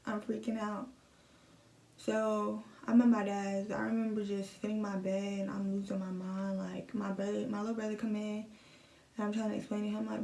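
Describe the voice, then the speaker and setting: A young woman vlogging a personal story into her phone, emotional and halting, often repeating herself. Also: medium pitch, monotone, creaky, darkish tone. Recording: echoey room, phone set at a distance.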